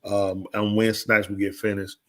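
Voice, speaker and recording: An older man, a preacher, speaks briskly at a fairly low pitch while telling stories in casual talk. He is animated and acts out dialogue in a raised voice.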